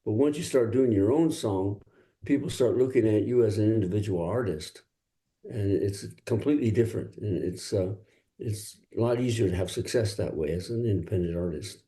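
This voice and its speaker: An older male singer-songwriter from Los Angeles, telling stories in a relaxed interview and laughing often. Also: fairly low pitch, normal speed. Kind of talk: casual interview talk.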